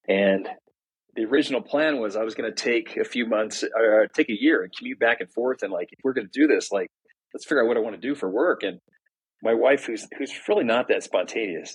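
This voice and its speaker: A man's voice: lowish voice, breathy edge, rough recording. A middle-aged man, a podcast guest, telling his story candidly and explaining ideas in a conversational way.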